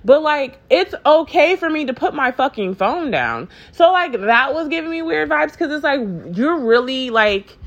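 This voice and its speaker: Animated, high-voiced woman telling a storytime. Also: normal speed, few pauses, muffled recording. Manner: profane, rambling, filler-heavy; animated, acts out both sides. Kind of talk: casual storytime chat.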